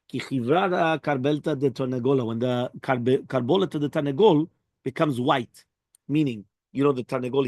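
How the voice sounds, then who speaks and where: A man teaching a daily Talmud class, mixing Hebrew and Aramaic phrases into his English explanation and acting out the dialogue. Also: no echo. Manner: acts out dialogue with raised pitch. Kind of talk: Daf Yomi Talmud class.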